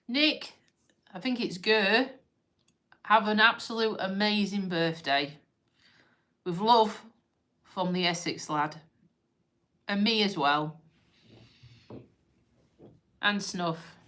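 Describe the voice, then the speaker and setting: Slow-talking tearful woman vlogger. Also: mid-range voice, sharp tone. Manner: tearful, rambling and self-interrupting. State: crying on and off. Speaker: vlogger hosting a live stream. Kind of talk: emotional casual live-stream chat.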